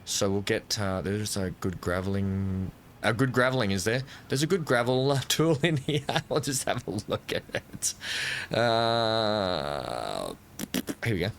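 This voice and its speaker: Let's-play host, man, somewhat low voice, rambling self-correcting commentary into a desk mic. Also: lively intonation, measured pace, gravelly, a little hiss or hum. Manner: thinks aloud while building, self-correcting. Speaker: gameplay commentator.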